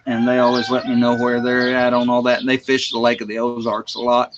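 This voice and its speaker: A man chatting casually on a live stream, halting and restarting his sentences. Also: mid-range voice, completely flat delivery. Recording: lo-fi stream with background noise.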